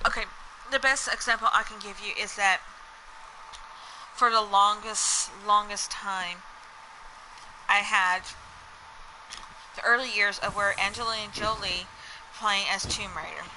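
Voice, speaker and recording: A woman's voice: medium pitch, steady tone, unhurried, pauses often, bright, forceful tone, a little hiss or hum, poor audio. A woman with a slight Southern accent, chatting casually to her viewers in a rambling, stream-of-thought way, full of "like" and "you know". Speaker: vlogger.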